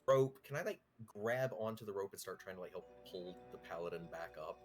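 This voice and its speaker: A man's voice: deep voice, expressive, brisk, soft background music. A man playing in a tabletop game, thinking aloud in rambling questions. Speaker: player. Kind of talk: casual tabletop game chat.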